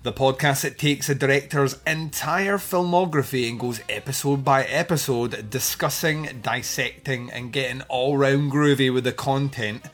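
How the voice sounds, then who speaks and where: A man's voice: medium pitch, fairly even intonation, normal speed, hardly any pauses, a bit bright. Chatty man hosting a film podcast. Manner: chatty, jokey, rambling with fillers. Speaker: podcast host. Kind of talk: casual film podcast chat.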